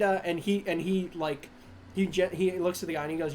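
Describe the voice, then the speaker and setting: Rambling game master full of fillers. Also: male voice, on the high side, steady tone, fairly quick, darkish tone, slight background noise. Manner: rambling, many fillers and restarts, laughs at himself. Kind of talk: narrating a tabletop game.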